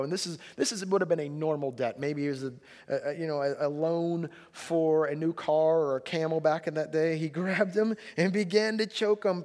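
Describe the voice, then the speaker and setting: A man preaches in a relaxed, talk-to-the-room way, his voice sitting fairly high for a man. He leans hard into quoted lines and punch lines. The sound rings with the long reverb of a large hall. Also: normal speed, few pauses. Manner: conversational preaching, rising emphasis on quotes. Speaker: pastor. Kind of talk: sermon.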